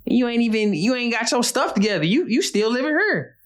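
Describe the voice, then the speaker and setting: A man's voice: very high-pitched, sing-song, brisk, a bit bright, voice pushed up, exaggerated voice. A man mimicking his nagging middle-aged mother, scolding and incredulous, in a raised voice.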